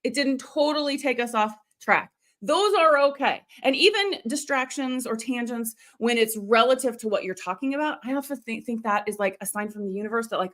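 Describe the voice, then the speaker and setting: Chatty, animated woman coach, slightly high. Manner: chatty and animated, with quick asides. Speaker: online video coach hosting a live stream. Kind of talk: casual live-stream teaching.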